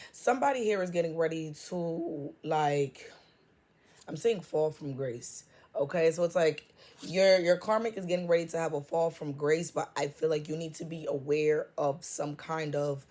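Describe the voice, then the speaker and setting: Low-voiced woman tarot reader, slangy and loose. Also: slight background noise. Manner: loose, slangy and profane, drawn-out fillers. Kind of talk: casual spiritual tarot talk.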